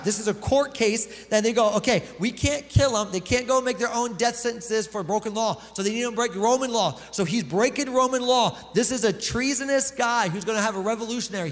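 A man with a high voice preaches a sermon, reading scripture and then talking it through in a relaxed, conversational way. His voice rings out with a long hall reverb, as in a church hall. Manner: reads scripture aloud, then explains it conversationally. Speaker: pastor.

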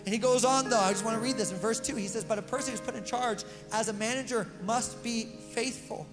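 A man's voice: very high-pitched, fast. A male pastor giving a casual, conversational sermon. He is slangy and emphatic, repeats phrases and stumbles over words. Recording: long hall reverb with music underneath.

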